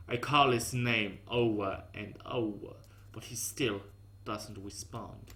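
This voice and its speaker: Dude narrating a game story, slow and bright, dry little jokes. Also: male voice, fairly low pitch, fairly even intonation, a little hiss or hum. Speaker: game reader. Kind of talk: reading a visual novel aloud.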